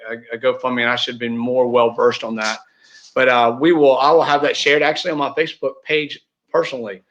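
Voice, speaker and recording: Heard through dull, lo-fi audio, this real estate team leader is a guest in a laid-back interview. His mid-range voice has a bright, forceful tone, and he rambles heartfeltly with plenty of fillers and false starts.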